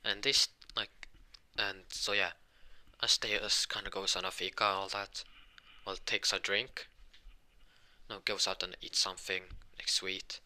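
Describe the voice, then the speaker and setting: A man telling an improvised fan story, rambling and halting, with frequent restarts. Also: low-pitched, level tone, pushed and bright.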